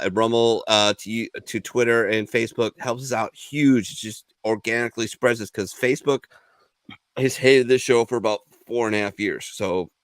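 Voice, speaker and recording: A man hosts a loose, casual talk show, his lowish voice clear and smooth. He rambles and swears freely and sounds a little tipsy. The sound is dry and close, with no room around it. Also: fairly bright tone, no echo. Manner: loose, rambling, profane storytelling. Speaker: podcast host. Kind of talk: casual chat.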